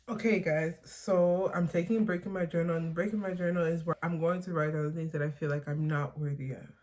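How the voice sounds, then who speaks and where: A young woman talking openly and haltingly in a confessional personal vlog. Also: deep voice, mellow. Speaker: vlogger.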